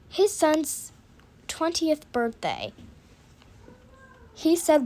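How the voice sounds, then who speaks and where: A woman improvising a story out loud, often stopping and correcting herself mid-sentence. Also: fairly high pitch, expressive. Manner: halting, with restarts and self-corrections.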